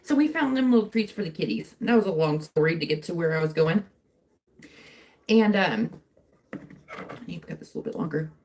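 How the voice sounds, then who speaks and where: A woman's voice: lowish voice, expressive, a little fast, long pauses, a little mellow. A young woman hosting a casual livestream, chatting in a rambling, self-interrupting way while she crafts at home. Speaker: livestream host. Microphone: phone mic.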